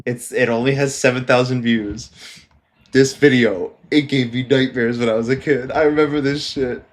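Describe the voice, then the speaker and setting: This is a podcast co-host, a man with a medium-pitched voice who talks at a normal pace with fairly even intonation. He rambles casually with plenty of fillers, swearing and laughing often.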